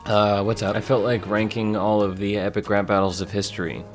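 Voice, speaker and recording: A young man in his twenties rambles through casual commentary, swearing freely and tripping over his own restarts. His voice sits a bit low for a man. Clear music plays underneath him. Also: flat delivery, a little fast. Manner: rambling, profane, self-deprecating, many restarts. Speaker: video essayist.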